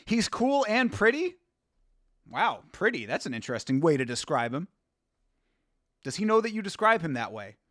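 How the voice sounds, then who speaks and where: A man's voice: on the high side, very animated, normal speed, pauses often, a bit bright, no echo, studio quality. A man hosting a live watch-along stream, chatting casually, rambling and laughing as he reads from chat.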